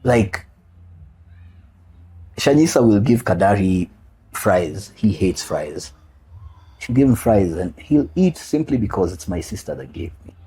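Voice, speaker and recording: Man, husky voice, lively swinging pitch, heartfelt, casual slang, podcast guest storytelling. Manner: heartfelt, repeats key phrases for emphasis; casual slang mixed with earnest reflection. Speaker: podcast guest, single father. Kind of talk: personal storytelling in a podcast interview.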